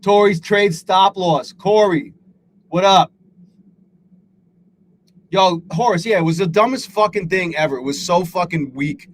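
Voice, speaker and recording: A man's voice: high voice, a little slow, long pauses, a little hiss or hum. A man hosting a live trading stream, rambling and swearing, hard on himself, greeting chatters by name. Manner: profane, self-critical, rambling; reads out chat names. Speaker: livestream host.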